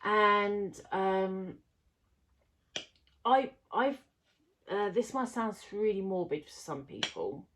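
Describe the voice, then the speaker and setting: A woman's voice: medium pitch, animated, slow pace, pauses often, fairly bright tone, slight background noise. A woman talking casually to camera about a crafting project, rambling with lots of fillers and restarts. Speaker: crafting vlogger.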